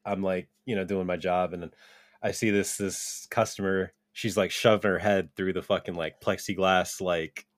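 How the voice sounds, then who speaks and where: A young man with a low-pitched voice chats loosely on a podcast, rambling through stories with lots of fillers and swearing. He laughs easily, and the recording is dry and close, with no room sound. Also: steady tone, normal speed, dry recording. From Japanese-American. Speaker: podcast co-host. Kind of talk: casual chat, storytelling.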